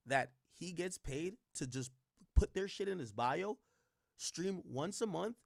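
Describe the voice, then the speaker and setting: A man's voice: fairly high pitch, gravelly, dry recording, studio quality. A man streaming casual reaction commentary, rambling and slangy with frequent restarts.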